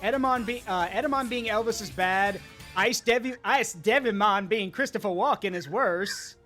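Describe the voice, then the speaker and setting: A man's voice: high-pitched, normal speed, sharp tone, soft background music. A man streaming a video game, chatting casually, rambling and laughing often while he thanks donors. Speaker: streamer and host.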